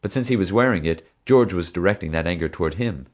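A man narrating an audiobook in expressive storytelling fashion. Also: low-pitched, fast talker. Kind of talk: scripted narration.

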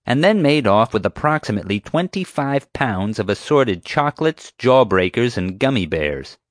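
A man's voice: medium pitch, sing-song, moderate pace, no echo, studio quality, pitched above the performer's own voice, close to an everyday voice. A man voicing a bossy, sneering female park security officer who snaps and accuses. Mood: accusing. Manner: snapping, accusing, sarcastic.

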